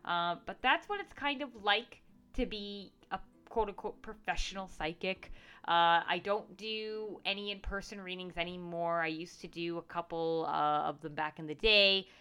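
A woman's voice: fairly low pitch, normal speed, sharp tone, clear, resonant tone. A woman who works as a professional psychic, talking casually and earnestly, reassuring listeners with many fillers and restarts. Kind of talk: casual talk to camera.

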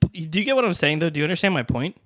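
A young man co-hosting a podcast, telling a personal story in a casual, animated way and acting out what people said. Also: fairly high pitch, dry recording, clean studio sound. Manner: animated, acts out quotes with swearing and laughs. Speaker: podcast co-host.

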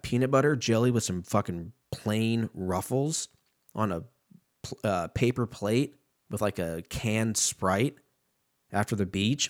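A man's voice: lowish voice, darkish tone. A man in his thirties, hosting a casual podcast and rambling in a profane, joking way. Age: 30s.

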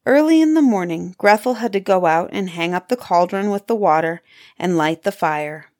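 Woman reading a fairy tale aloud. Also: lowish voice. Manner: expressive, dramatic pauses. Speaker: storyteller.

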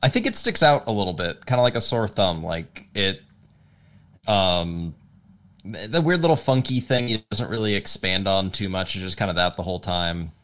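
A man's voice: deep voice, lively intonation, moderate pace, a bit bright. A young man co-hosting a music podcast, talking hesitantly with many filler words. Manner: hesitant, lots of "like" and "kinda" fillers. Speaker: podcast co-host. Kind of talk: casual music podcast chat.

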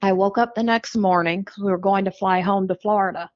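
A woman's voice: medium pitch, fairly even intonation, brisk, no echo, highs cut off. A middle-aged American woman, a podcast guest, tells her life story candidly and wryly, acting out what people said. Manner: candid, wry storytelling with quoted dialogue.

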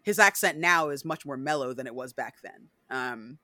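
Bright-voiced woman, animated podcast chat. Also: very deep voice, normal speed, no echo, studio quality. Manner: animated, many fillers, acts out scenes. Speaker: podcast host.

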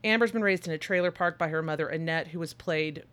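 A woman co-hosting a podcast in casual chat, talkative and quick to swear and laugh. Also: sits low, a bit bright, smooth. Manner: chatty, swears, laughs often. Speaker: podcast co-host.

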